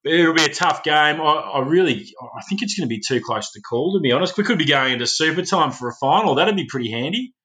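Australian man, rugby podcast co-host, casual chat, bright clear voice, dry sarcasm. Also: on the high side, expressive, fast, hardly any pauses. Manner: laid-back, sarcastic banter.

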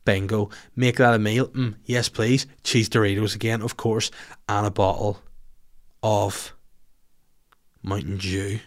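Northern irish guy in his 30s ranting on a podcast, lowish voice, swears a lot. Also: little pitch movement, unhurried, long pauses. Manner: rambling, sweary, self-mocking. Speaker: podcast host. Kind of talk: casual comic rant.

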